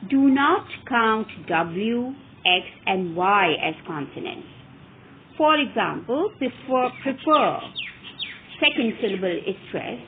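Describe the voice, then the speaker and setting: A woman teaching English verb forms in a careful, deliberate way, stressing each example word. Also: medium pitch, expressive. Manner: clear, careful enunciation with rising emphasis on examples. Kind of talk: slow, deliberate grammar lesson. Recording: phone-like narrow audio with faint hiss.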